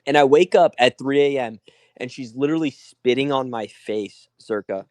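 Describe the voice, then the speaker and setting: A young man tells a long story in a loose, rambling way, packing it with "like" and playing out what everyone said. His voice sits at an ordinary middle pitch. The sound is dry and close, with no room around it. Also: moderate pace, darkish tone, no echo. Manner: rambling, full of "like" and acted-out quotes. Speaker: guest telling a story. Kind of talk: casual storytelling on a live call.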